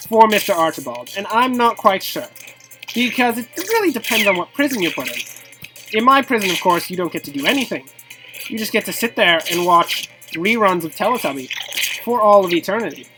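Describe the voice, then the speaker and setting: A woman's voice: mid-range voice, poor audio. Theatrical woman scolding over game music. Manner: theatrical mock-formal scolding, bursts into squeals. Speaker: gameplay commentator. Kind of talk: playful mock-serious game commentary.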